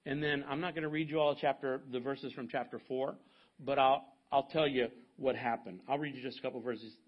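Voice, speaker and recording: A man in his fifties, a pastor preaching a sermon and telling a personal story with animated asides to the congregation. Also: mid-range voice, a little fast, husky, lo-fi sound.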